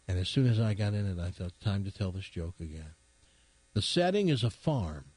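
A man's voice: medium pitch, warm tone, no room sound. A man hosting a radio show who rambles through a long joke and mocks himself along the way. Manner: rambling, self-mocking storyteller. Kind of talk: morning radio banter and joke telling.

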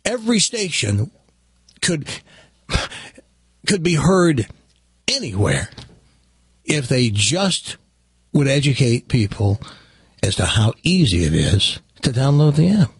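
A man's voice: mid-range voice, sing-song, slow, pauses often, husky, dry recording. A man hosting a radio talk show from a studio mic, rambling with stammering restarts. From Tennessee. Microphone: studio microphone.

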